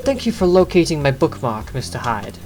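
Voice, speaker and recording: A woman's voice: low voice, very animated, brisk, background noise. A woman reading the lines of a formal, long-winded older male novelist in a game, lecturing at length.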